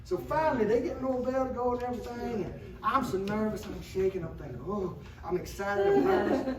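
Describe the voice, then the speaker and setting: A man's voice: very high-pitched, big pitch swings, brisk. A man telling a story live in a folksy, emphatic way. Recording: echoey room, distant mic, loud audience.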